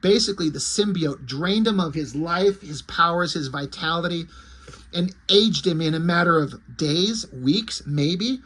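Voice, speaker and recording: A man's voice: fairly high pitch, a little slow, a bit bright. A man casually recapping a comic book story, rambling with asides along the way. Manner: rambling and conversational, with asides and fillers.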